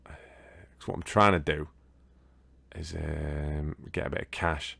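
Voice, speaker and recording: Low creaky British gamer chatting. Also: male voice, little pitch movement, a little slow, a bit bright, no echo. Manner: chatty, rambling, swears casually. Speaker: game video host. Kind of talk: casual let's-play commentary.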